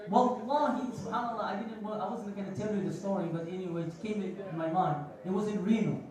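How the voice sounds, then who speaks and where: High-voiced preacher in an echoey hall. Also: male voice, fairly quick, far from the mic, a crowd in the background. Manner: passionate, storytelling, mixes Arabic phrases. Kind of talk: Friday sermon. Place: large mosque prayer hall.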